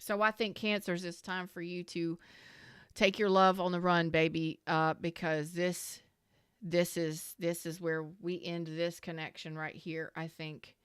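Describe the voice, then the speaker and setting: A woman's voice: fairly low pitch, flat delivery, measured pace, clear, resonant tone, no echo, clean studio sound. A woman giving a casual tarot reading to viewers, dramatic and profane, calling them y'all. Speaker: tarot reader.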